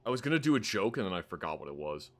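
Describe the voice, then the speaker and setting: A man's voice: low voice, very animated, very fast. A man streaming live, rambling casually about a game he just finished, with lots of fillers and the odd curse.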